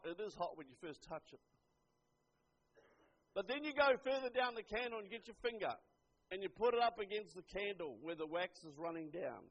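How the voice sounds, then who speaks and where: An older man preaching a sermon, earnest, dropping to a hush and then rising to emphatic lines. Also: high voice, lively intonation, moderate pace, pauses often. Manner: earnest, swings from hushed to emphatic. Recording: dull lo-fi recording.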